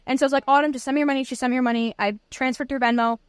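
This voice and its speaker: A young woman co-hosting a podcast, telling a story in an excited, rambling way in casual chat. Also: high-pitched, rapid-fire, clean tone, no room sound, studio quality. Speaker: podcast co-host.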